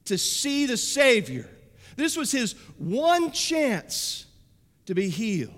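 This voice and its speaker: Slow, emphatic male pastor in a reverberant church. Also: high voice. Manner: emphatic, repeats phrases for effect. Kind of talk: sermon. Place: church sanctuary. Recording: long reverb of a church sanctuary.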